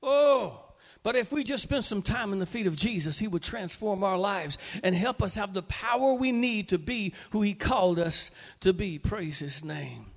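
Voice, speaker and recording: A high-voiced male preacher delivering an impassioned sermon, swelling to loud, emphatic peaks. His voice rings through a church hall with a long reverb. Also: animated, moderate pace, hardly any pauses.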